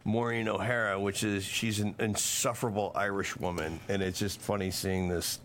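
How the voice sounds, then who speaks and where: A man's voice: on the low side, little pitch movement, moderate pace, a bit bright, a little hiss or hum. A man co-hosting a casual podcast, talking at length with frequent restarts and fillers. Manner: rambling, many restarts and fillers. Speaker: podcast co-host. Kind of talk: casual chat.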